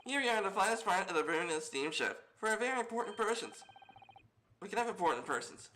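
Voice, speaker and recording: A man's voice: high-pitched, lively intonation, quick pace, sharp tone, a little hiss or hum, low-quality recording. A man voicing an arrogant male sailor who speaks in blunt, broken English while playing a game. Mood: boastful.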